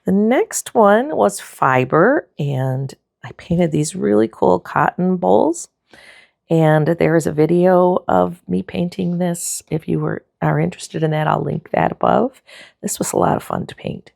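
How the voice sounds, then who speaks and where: Woman, low and raspy-gravelly, easygoing rambling sketchbook tour, dry close sound. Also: measured pace, dry recording. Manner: relaxed and chatty, with frequent fillers and self-corrections. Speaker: art vlogger.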